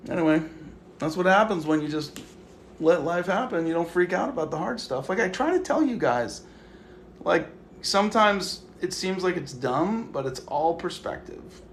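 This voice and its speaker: A man's voice: high voice, moderate pace, echoey room, a little hiss or hum. Man chatting animatedly on a livestream. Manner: animated storytelling, swearing, quoting himself. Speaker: livestream host. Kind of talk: casual livestream chat.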